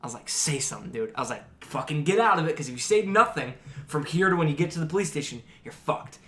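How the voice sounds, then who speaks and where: A young man hosting a podcast and telling a story to friends in a casual, animated way, swearing often and acting out what people said. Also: on the high side, fast talker. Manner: animated, swearing, acts out quotes. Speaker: podcast host. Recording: roomy echo.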